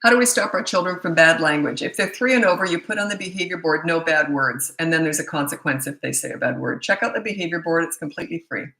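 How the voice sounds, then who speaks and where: A woman's voice: low voice, fast talker, few pauses, pushed and bright, echoey room, poor audio. A middle-aged woman parenting coach answering viewer questions in a casual live Q&A. She talks bluntly and loses her thread, and her voice is getting worn and tired. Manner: blunt, casual, loses track mid-thought. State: losing her voice.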